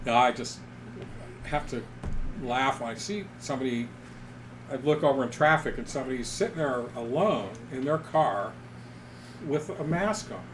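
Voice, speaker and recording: A man's voice: mid-range voice, expressive, normal speed, pauses often, noisy background. A man co-hosting a casual chat, giving wry, exasperated commentary. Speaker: podcast co-host.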